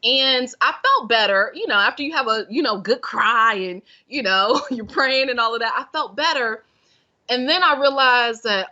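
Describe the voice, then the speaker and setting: A self-care and meditation guide, appearing as a podcast guest, tells her personal story in conversation with a bright, forward, fairly high voice at a moderate pace. Earnest and expressive, she slips into the voice of her past self, over dull, lo-fi audio that sounds like a remote call.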